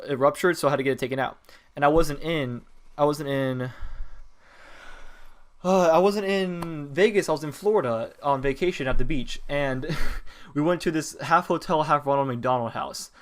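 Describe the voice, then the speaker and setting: A man's voice: a little high, measured pace, pauses often. A teenage boy casually telling a personal story in a rambling way, with many fillers and restarts. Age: teens. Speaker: vlogger telling personal stories.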